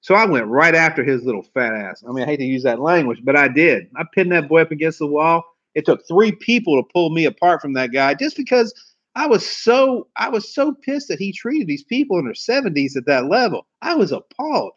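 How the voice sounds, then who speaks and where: A man's voice: a little high, big pitch swings, fairly quick, fairly bright tone. A man, a car sales trainer telling rambling, salty stories to camera. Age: 40s. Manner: swearing, folksy, rambling storyteller. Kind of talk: storytelling to camera. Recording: dull lo-fi recording.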